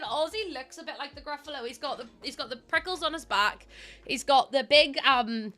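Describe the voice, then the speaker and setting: A chatty woman streams a game, with a bright voice pitched a little high. She rambles and giggles, fills gaps with ums, and slips into baby talk for her dog. Soft music plays quietly behind her. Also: moderate pace. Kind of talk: casual gameplay chat.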